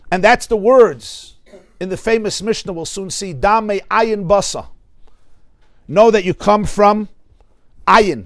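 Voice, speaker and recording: High-voiced New York rabbi teaching. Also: male voice, no room sound, clean studio sound. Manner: emphatic, repeats words for stress, quotes Hebrew texts. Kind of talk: Torah class. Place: study hall class.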